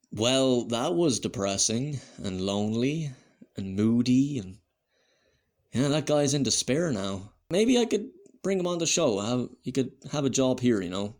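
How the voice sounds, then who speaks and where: A man's voice: medium pitch, expressive, a little slow, a little mellow. Male host, wry, lightly amused, comedic sign-off.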